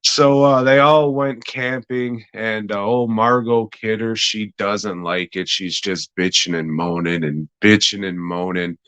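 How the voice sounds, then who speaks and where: Slow, laid-back young man ranting. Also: lowish voice, steady tone, a bit bright, clean tone, no echo, rough recording. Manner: laid-back, meandering, lots of swearing and fillers. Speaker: podcast host reviewing a TV episode. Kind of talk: casual, profane review chat.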